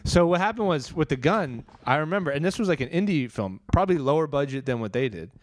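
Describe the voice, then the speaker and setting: A man's voice: fairly high pitch, animated, fast. A man telling a long, rambling story in casual chat, swearing freely.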